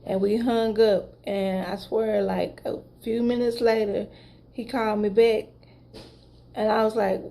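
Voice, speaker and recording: A woman's voice: on the high side, unhurried, warm tone. A woman vlogger casually telling her viewers a story, retelling conversations with lots of asides.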